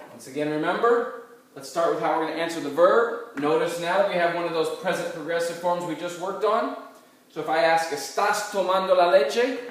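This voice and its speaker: A man teaching a recorded Spanish grammar lecture, patiently explaining step by step and slowly modelling phrases. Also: sits high, fairly bright tone. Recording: very echoey room, mic far off, faint noise.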